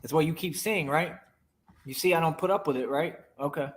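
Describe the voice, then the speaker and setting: A man's voice: a little high, brisk. Boastful man taunting his viewers. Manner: boastful, taunting, repeats "right?". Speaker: streamer in a reacted clip.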